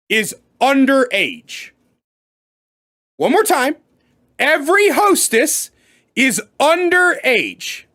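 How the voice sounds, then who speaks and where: A storyteller recounting a workplace story in a storytime vlog, emphatic and profane. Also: high voice. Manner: animated, profane, emphatic retelling.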